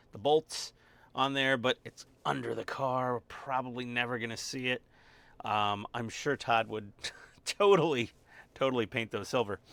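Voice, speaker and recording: Hobby-channel host, male, mid-pitch; relaxed, wry, talks to himself through each step at the workbench. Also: dry recording. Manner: chatty and wry, mutters step-by-step asides. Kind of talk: casual narration while assembling a model. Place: home workbench with a dog nearby.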